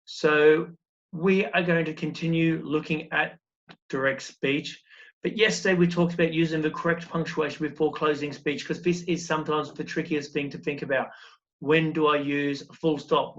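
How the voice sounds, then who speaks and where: A man's voice: a little high, steady tone, normal speed, muffled recording. A man teaching a recorded primary school lesson, explaining step by step and asking encouraging questions.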